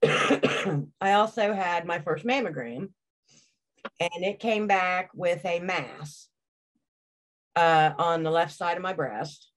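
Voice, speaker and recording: A woman client speaks slowly and calmly in a somewhat low voice. Her answers are plain and a little hesitant, with fillers between the facts. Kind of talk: casual conversation.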